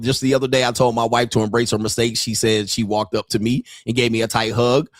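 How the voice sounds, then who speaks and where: A man's voice: medium pitch, moderate pace, no room sound. A man in his forties hosts his own show in an unfiltered, comic rant, his voice sitting in a middle register. The sound is dry and close, with no room around it. He curses freely, laughs at his own stories and jumps into voices as he acts out little street encounters. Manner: profane, animated, laughs often, acts out street exchanges. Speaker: podcast host. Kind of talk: unfiltered comedic commentary.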